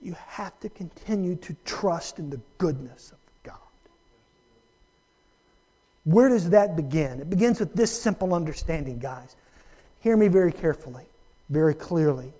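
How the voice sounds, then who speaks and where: A man preaching a sermon as pastor, dramatic, moving from hushed, low-volume lines to loud, raised emphasis. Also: animated, unhurried, pauses often, lo-fi sound. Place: church sanctuary.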